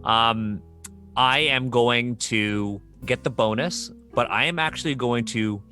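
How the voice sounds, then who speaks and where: A man playing a tabletop role-playing game, describing his character's moves with excited, quick asides and laughter. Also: mid-range voice, faint music behind. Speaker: player. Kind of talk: narrating a tabletop game move.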